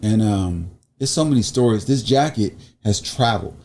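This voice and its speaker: A man from Ohio, a guest on a casual podcast, telling stories in a lively, slangy way and acting out what people said. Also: fairly low pitch, moderate pace. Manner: animated storyteller, acts out quotes in slangy talk. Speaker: guest, clothing brand owner.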